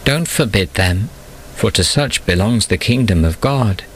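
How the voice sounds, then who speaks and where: A gentle, patient teacher speaks in a calm, kindly way, as a low-voiced man reads his lines in a storybook. The words come plainly and steadily. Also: unhurried, slight background noise.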